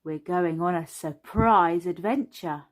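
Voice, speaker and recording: A woman's voice: fairly low pitch, takes it slowly. A woman voicing Daddy Pig, a jolly and playful father pig, in a children's story reading. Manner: hearty and playful. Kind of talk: storybook character voice.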